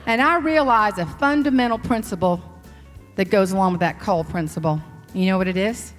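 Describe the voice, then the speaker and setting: A middle-aged woman with a Southern US accent telling a sassy, animated story as a professional speaker before an audience in a large hall. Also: medium pitch, a little fast, faint music behind. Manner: sassy, animated storyteller who acts out quotes. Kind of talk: storytelling keynote speech. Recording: live stage talk in a reverberant hall.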